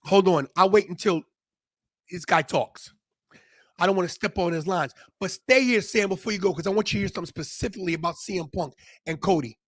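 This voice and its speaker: A brash man hosting a live watch-along stream, ranting and rambling with frequent restarts. His voice sits high for a man. The sound is dry and close, with no room in it. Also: a little fast, no room sound. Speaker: wrestling podcast host.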